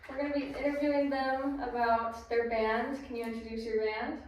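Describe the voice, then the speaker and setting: A woman hosting a casual podcast interview, her voice sitting a little high. She asks questions with plenty of ums and uhs. The mic is some distance away in a roomy, echoing space. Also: little pitch movement, normal speed, a little hiss or hum. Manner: asks questions with many fillers. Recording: echoey room, distant mic.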